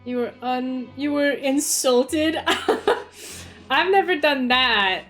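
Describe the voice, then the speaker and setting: A young woman chatting casually while livestreaming a game, swinging between mumbled asides and loud squeals. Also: high-pitched, extremely slow, faint music behind. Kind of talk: casual gaming stream chat.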